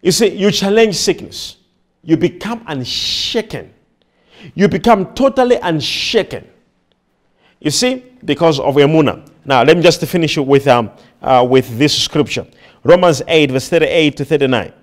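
Male preacher, high and lively pitch, emphatic, repetitive, call-and-response. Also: unhurried. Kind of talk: sermon.

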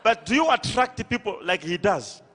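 Male preacher, high bright voice, forceful call-and-response delivery, in a big echoing church hall. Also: very animated, normal speed. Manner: emphatic, repetitive, rising to shouts.

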